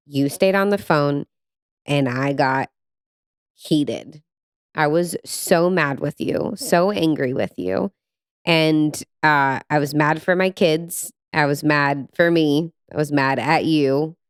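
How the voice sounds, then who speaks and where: A woman's voice: sits low, slow, smooth, no room sound, clean studio sound. A woman co-hosting a podcast with her husband, telling a family story expressively in casual chat. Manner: expressive storyteller, laughs easily. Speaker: podcast co-host.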